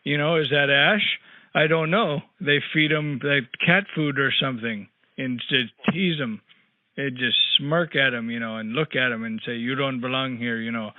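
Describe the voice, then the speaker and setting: Here an older man pranks someone by phone as a grumpy, long-winded old-timer married sixty years, muttering crude remarks as he goes. He has a mid-range, natural voice with fairly even intonation and moderate pace. The line sounds tinny and dry, with no echo.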